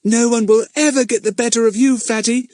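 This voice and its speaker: A man's voice: very high voice, fairly even intonation, a little fast, darkish tone, no room sound, clean studio sound, voice pushed up. A man voicing a sensible young girl who speaks earnestly.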